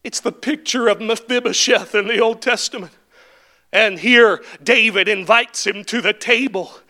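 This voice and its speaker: High, bright-voiced impassioned male preacher. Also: moderate pace. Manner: builds to impassioned shouted climaxes, then drops to quiet; rhetorical questions and repeated refrains. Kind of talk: sermon.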